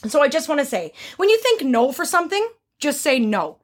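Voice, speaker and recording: A woman who works as a hairstylist, telling a story on a podcast in a blunt, animated way and swearing freely. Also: high voice, a little fast.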